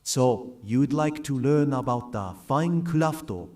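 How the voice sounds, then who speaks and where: A man's voice: medium pitch, expressive, slow, darkish tone. A computer-generated male voice playing a folksy leatherworker craftsman in a game, with a drawling, inviting manner and a tag of "eh?" on his questions. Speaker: game character voice line.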